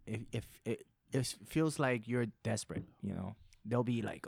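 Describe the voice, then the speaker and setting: A young man co-hosting a casual podcast chat, emphatic and quick to chime in with his view. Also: mid-range voice, vocal fry, slightly rough, dry recording. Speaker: podcast co-host.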